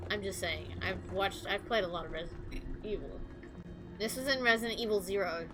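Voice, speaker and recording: A woman's voice: mid-range voice, fairly quick, noisy background. A young woman streaming a video game, rambling through casual commentary and anecdotes and swearing freely.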